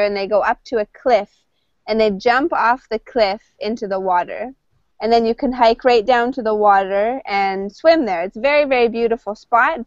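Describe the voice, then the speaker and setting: Chatty Canadian woman, slightly high voice. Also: no echo, muffled recording. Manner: chatty, with frequent fillers and restarts. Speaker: English conversation teacher. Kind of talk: casual storytelling to a class.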